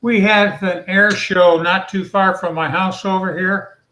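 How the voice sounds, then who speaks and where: A man's high-pitched voice sounds pushed and bright, with fairly even intonation and an unhurried pace, over slight background noise. Guesting on a hobby hangout video call, he patiently explains aircraft details and his model building, knowledgeably stepping through aircraft designations. The room is roomy and echoey.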